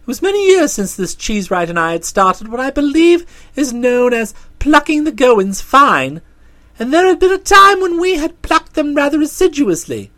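A woman narrating a comic story in an audiobook, with lively storytelling. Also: sits high, moderate pace.

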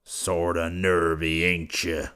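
A man voicing a gruff, stubborn old rancher in a western audiobook, snarling and barking his lines. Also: deep voice, monotone, slow pace, pushed and bright, full character voice. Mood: surly. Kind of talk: audiobook character voice.

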